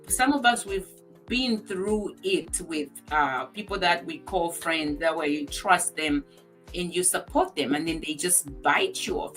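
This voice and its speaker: A woman's voice: mid-range voice, a bit bright. A woman on a talk show, speaking in an emphatic, heartfelt way as she tells personal stories. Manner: acts out friend's remarks in quoted voices. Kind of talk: casual chat.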